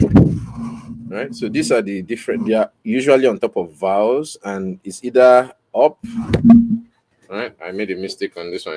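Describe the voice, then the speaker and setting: A man's voice: deep voice, slight background noise. A man hosting his own podcast, explaining in a rambling, self-correcting way and checking in with "right?" as he goes, recorded on a camera mic indoors. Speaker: podcast host. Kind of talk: casual explainer, teaching on camera.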